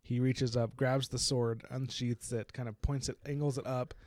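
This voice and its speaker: A young man co-hosting a casual book-discussion podcast, recapping chapters in a chatty, animated way with frequent laughs. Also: mid-range voice, normal speed, no echo, studio quality. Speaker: podcast co-host.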